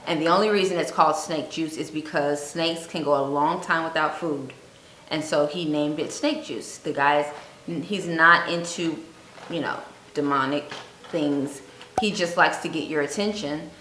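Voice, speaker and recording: A woman giving earnest fasting advice on her vlog, telling a personal story and repeating points for emphasis. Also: deep voice, fairly bright tone, slight background noise. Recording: echoey room with faint music.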